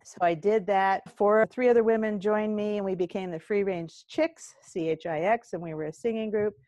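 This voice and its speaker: Older woman, lively storyteller. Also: medium pitch, normal speed, dry recording. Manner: animated storyteller who acts out quoted voices. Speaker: guest, courage coach and singer-songwriter. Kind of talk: casual interview conversation.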